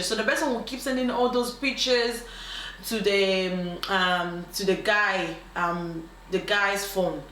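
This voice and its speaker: A woman casually telling a dilemma story as host. She talks in an animated way, acts out the quoted voices, and often stops on ums and restarts. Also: mid-range voice, slow. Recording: roomy echo, faint background noise.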